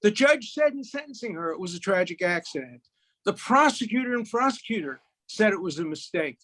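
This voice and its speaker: A man in his eighties from Brooklyn, a guest telling jokes and stories in a lively, punchy way. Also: high voice, brisk. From Brooklyn, USA. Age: 80s. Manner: lively raconteur, punchy delivery. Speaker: guest, lawyer. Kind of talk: animated storytelling, joke-telling chat.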